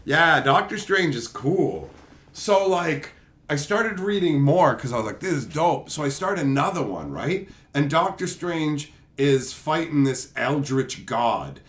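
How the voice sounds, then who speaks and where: A man hosting his own channel, casually retelling a comic story in a rambling, profane, animated way. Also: a little high, unhurried. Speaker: channel host.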